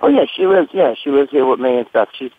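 A man, co-hosting a talk show with crude, boastful, halting banter. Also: mid-range voice, expressive, slightly rough. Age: 50s. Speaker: radio show co-host. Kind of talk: crude casual radio banter. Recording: tinny phone-line audio.

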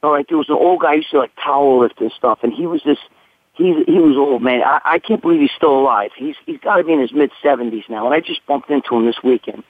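A man's voice: a little high, quick pace, dry recording. A man telling a crude story in a casual, profane, rambling way. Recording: tinny phone line, dry.

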